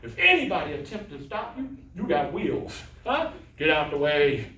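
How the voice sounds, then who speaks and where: A man's voice: on the high side, big pitch swings, normal speed, roomy sound, far from the mic, heavy background noise. An older man giving a motivational talk to adult students, telling stories, joking and acting out voices. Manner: storytelling, plays voices in quotes, jokes with audience. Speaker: motivational speaker.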